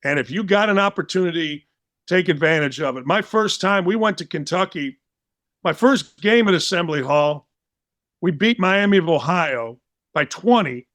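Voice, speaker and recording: Animated Midwestern man telling a story. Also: a little high, moderate pace. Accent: Midwestern American. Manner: animated, acts out quotes in lively voices. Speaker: sports talk host, guest storyteller. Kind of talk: casual storytelling interview.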